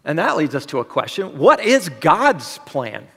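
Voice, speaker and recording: A man's voice: fairly high pitch, very animated, measured pace, vocal fry, fairly bright tone, breathy edge, in a large hall. A male pastor giving a conversational sermon, asking the congregation questions. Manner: conversational preaching with rhetorical questions.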